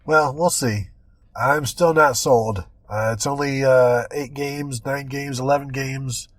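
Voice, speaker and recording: A man's voice: mid-range voice, fairly even intonation, slow pace, dry recording. A man with a mid-range voice hosts a sports podcast in easygoing chat. He keeps tossing in sarcastic jokes and quips. The recording is dry and close-miked. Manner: joking, sarcastic asides. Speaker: podcast host.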